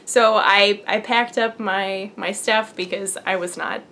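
A woman's voice: medium pitch, fairly even intonation, slow pace, pushed and bright. A young adult woman hosting a knitting podcast, telling a long personal story in a rambly, earnest way with many fillers. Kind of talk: casual storytelling.

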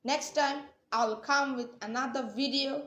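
Female teacher, slightly high, very slow and deliberate, repeats words, roomy sound. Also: fairly even intonation, fairly bright tone. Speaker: language teacher. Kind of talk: pronunciation lesson. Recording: echoey room.

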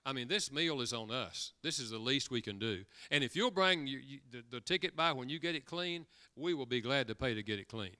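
Lively, bright-voiced male preacher. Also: medium pitch, brisk, hardly any pauses, clear, resonant tone. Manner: storytelling with acted quotes. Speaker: guest speaker. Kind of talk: sermon. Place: church.

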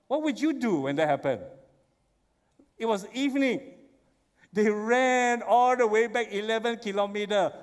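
A man preaching a sermon, telling the story with animated, excited exclamations. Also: sits high. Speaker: pastor. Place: church sanctuary. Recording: long church hall reverb.

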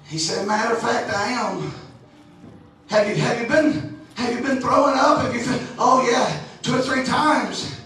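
A Texan man preaching a fiery sermon, swinging between shouts and low asides and stumbling over restarts. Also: unhurried, soft background music. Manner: shouting, rising and falling, stammered restarts. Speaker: pastor. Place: large church sanctuary. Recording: echoey, distant hall mic.

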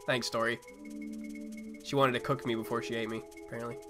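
A man streaming a video game, reacting loudly with frequent swearing and excited outbursts. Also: mid-range voice, a little fast. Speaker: gameplay streamer. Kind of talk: live game commentary. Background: game music.

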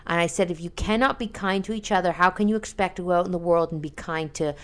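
Middle-aged mom co-host, lowish voice, lively anecdotal chat, quick to laugh. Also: female voice. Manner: animated storytelling, laughs often. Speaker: podcast co-host. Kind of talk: casual chat.

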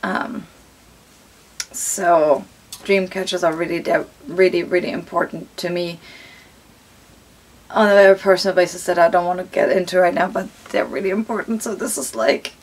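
A woman's voice: on the low side, normal speed, long pauses, breathy edge. A young woman vlogger talking casually as she opens presents, chatty and gushing. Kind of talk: casual unboxing vlog.

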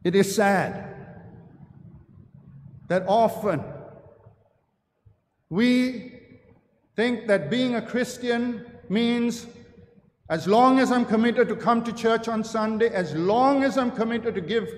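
A man's voice: very high-pitched, slow, pauses often. A man preaching a sermon in a church, emphatic and building his points through repeated phrases. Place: church sanctuary. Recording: long church reverb.

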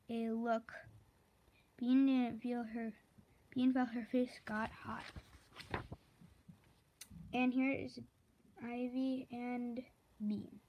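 A woman slowly reading a children's chapter book aloud, correcting herself and pausing to chat about the pictures. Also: fairly high pitch, lo-fi sound. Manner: slow, careful read-aloud with self-corrections; chatty asides about the pictures. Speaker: reader.

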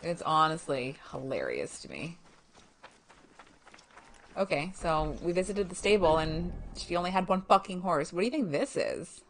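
Sarcastic, lively-voiced woman gaming streamer. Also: lowish voice, normal speed, slight background noise. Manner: chatty, sarcastic, swears freely, self-mocking. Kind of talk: casual live let's-play commentary.

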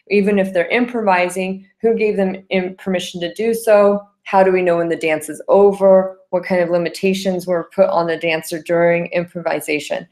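A woman's voice: on the low side, a little mellow. A woman teaching a dance class, explaining terms with frequent "okay?" checks and counting out rhythms aloud. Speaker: dance instructor. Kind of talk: classroom lecture.

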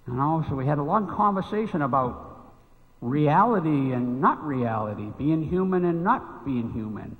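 A man's voice: fairly high pitch, lively intonation, moderate pace. A man preaching a sermon as pastor, telling stories and acting out both sides of a conversation. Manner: storytelling, acting out dialogue with a child. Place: church sanctuary. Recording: echoey church hall, phone-like thin sound.

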